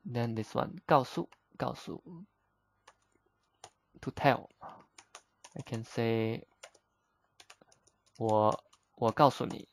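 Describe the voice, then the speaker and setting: A male teacher walks through a vocabulary lesson at an unhurried pace, explaining each word patiently with simple examples. His voice has a gravelly rasp, and his English is plain and slightly broken. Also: mid-range voice, no room sound. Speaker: Chinese teacher.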